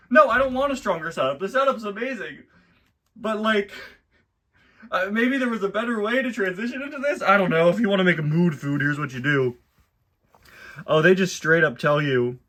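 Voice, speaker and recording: Male host, casual wry commentary, reads aloud between asides; bright, crisp, somewhat high voice. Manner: chatty and wry, with frequent laughs and asides. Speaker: host reviewing a children's book.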